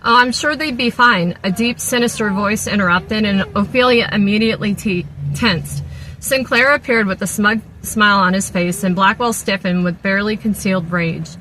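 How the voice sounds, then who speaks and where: A woman reads a novel aloud in a plain, mid-range voice. She keeps a steady read-aloud pace and restarts a word now and then. A faint hiss of background noise sits under the recording. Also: medium pitch, moderate pace, rough recording. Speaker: audiobook reader.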